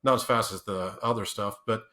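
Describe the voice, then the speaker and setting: His voice is lowish and sharp, with fairly even intonation and a moderate pace. As a podcast guest, this man tells easygoing stories in an interview, wandering, restarting, laughing and acting out what others said.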